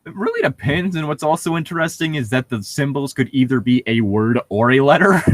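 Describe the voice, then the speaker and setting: A young man chatting casually as a podcast co-host, his pitch jumping around a lot as he talks. He rambles through fillers and keeps breaking into laughter. The voice sounds close and dry. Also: huge pitch swings, moderate pace, no room sound. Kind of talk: casual chat.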